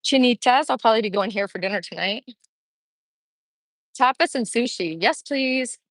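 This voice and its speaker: A woman's voice: fairly high pitch, moderate pace, no echo, low-quality recording. A middle-aged woman livestreaming from her phone as she walks a town street outdoors, chatty and upbeat and out of breath. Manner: chatty, upbeat, talks while walking. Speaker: vlogger streaming live. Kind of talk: casual walking livestream chat. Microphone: phone held while walking.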